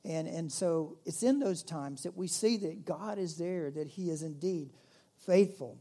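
A male pastor preaching a conversational sermon to his church, growing animated when he stresses a point. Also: on the high side, unhurried. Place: church in Myrtle Beach.

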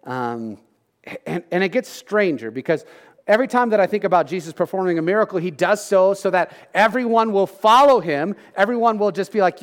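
A man preaching a casual, conversational sermon as pastor, with joking asides and quick bits of acted-out crowd talk. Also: high-pitched, animated. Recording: long hall reverb.

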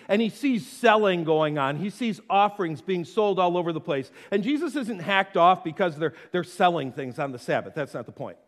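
A man preaching a sermon as pastor, conversational and playful, with quick asides and acted-out quotes. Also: sits high, long reverb tail.

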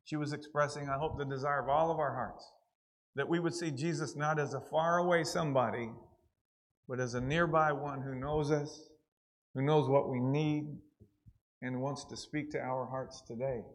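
A man preaching a sermon in church, earnest and repeating words for emphasis, swinging between soft and loud passages. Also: medium pitch, steady tone, normal speed. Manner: earnest, repeats words, rises and falls in loudness.

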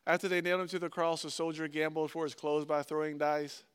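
A man preaching a sermon and reading scripture aloud, earnestly swinging between loud stresses and hushed, slowed phrases. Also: fairly high pitch, flat delivery, smooth. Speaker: pastor.

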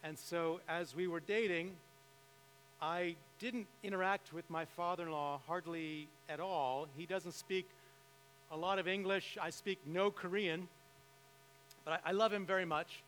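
High bright-voiced pastor preaching. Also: male voice, steady tone, unhurried. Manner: storytelling with emphatic rises. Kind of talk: sermon. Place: church sanctuary. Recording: reverberant hall with faint mains hum.

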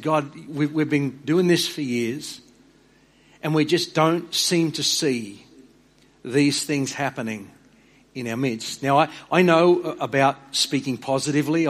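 A man preaching a sermon as pastor. He speaks earnestly, often stammers on his opening words and repeats phrases for emphasis. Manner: drops low and quiet on key words.

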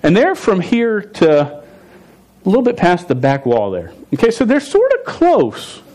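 Animated stuttering man in his forties preaching. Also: high-pitched, measured pace. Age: 40s. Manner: stuttering with frequent restarts; animated, laughing storyteller. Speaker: pastor. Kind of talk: storytelling sermon.

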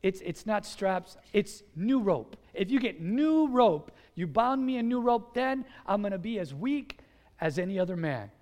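A man preaching a sermon, speaking low and grudgingly as a strong man who gives up his secret, in an echoey hall. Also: very animated, unhurried, a little mellow. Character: strong man confessing, weary and plain.

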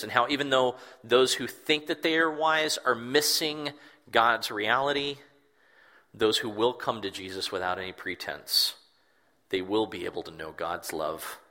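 A man's voice: lowish voice, bright, forceful tone. A man preaching a sermon in an earnest, reflective way, repeating words for emphasis. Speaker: pastor.

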